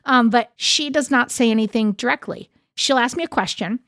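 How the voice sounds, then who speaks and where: A woman from upstate New York hosts a podcast in a slightly high, chatty voice with her regional accent. She is direct and jokes easily. The recording is dry and close, with little room sound. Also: moderate pace, fairly bright tone, no echo. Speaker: podcast host. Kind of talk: casual podcast chat.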